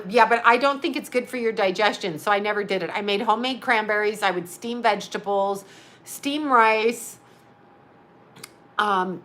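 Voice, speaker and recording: A woman's voice: mid-range voice, sharp tone. A middle-aged woman rambling through a casual storytelling monologue as host, chatty, laughing often and acting out what others said.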